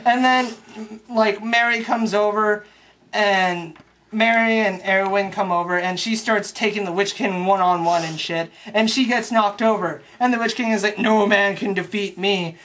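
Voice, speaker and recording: A young adult giving a crude, sarcastic recap of a film plot, swearing often and rambling with quick restarts. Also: medium pitch, fairly bright tone. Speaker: comedic movie recapper. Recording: faint background noise and clicks.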